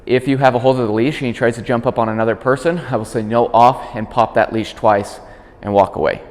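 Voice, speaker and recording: A man working as a dog trainer, explaining commands in a calm instructional demonstration. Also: fast talker, in a large hall. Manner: calm explaining, high-pitched praise to the dog.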